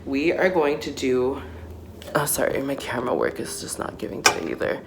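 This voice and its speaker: A woman in her thirties chatting casually through an unboxing, gushing and excitable, with lots of fillers, recorded on a phone. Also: extremely low pitch, normal speed, creaky, very noisy. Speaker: doll unboxing vlogger. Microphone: phone camera.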